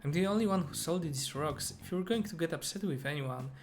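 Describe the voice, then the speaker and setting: A man's voice: a little high, lively intonation, fast talker, lightly acted. Brief: remorseful young female fortune teller from a game, sincere and pleading, read by a man in his own voice, music behind. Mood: earnest. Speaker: gamer reading game dialogue aloud. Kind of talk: reading game dialogue aloud.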